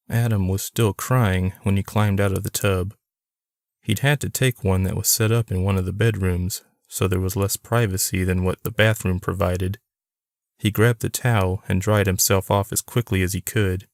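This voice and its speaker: Low gravelly male audiobook narrator. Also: darkish tone, no room sound, studio quality. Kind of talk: scripted narration.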